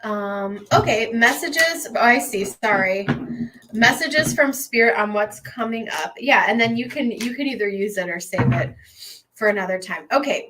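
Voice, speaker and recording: A woman's voice: a little high, pushed and bright, poor audio. Young woman, live tarot host; casual, emotional, meandering delivery with frequent restarts. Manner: emotional, rambling, with many fillers and restarts. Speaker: tarot reader hosting a live stream. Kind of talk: casual live-stream chat.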